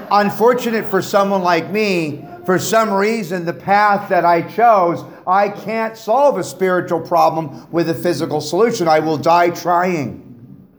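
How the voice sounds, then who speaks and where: A middle-aged man giving a personal testimony to a recovery meeting, telling stories with humor and animation. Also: high voice. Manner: animated storytelling, jokes with the audience. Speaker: guest speaker at a recovery meeting. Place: meeting room with a live audience.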